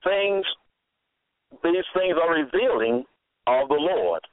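A man hosting a radio Bible program, lecturing in a slow, deliberate way and repeating his key phrases for emphasis. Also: a little high, expressive, no echo. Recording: tinny phone-like dry audio.

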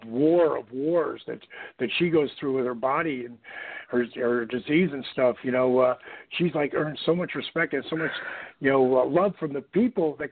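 A man's voice: mid-range voice, normal speed. A middle-aged man hosting a radio show, chatting in a casual motivational way, full of fillers, acting out quotes as he tells stories. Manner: animated storyteller, acts out quotes, many fillers. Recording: tinny phone line.

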